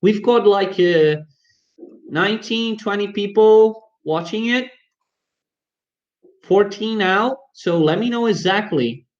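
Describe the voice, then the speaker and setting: Male English teacher, fairly high voice, upbeat and coaxing, dull lo-fi stream audio. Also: slow, pauses often. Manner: coaxing, upbeat, talks straight to viewers. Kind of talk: live-streamed English lesson.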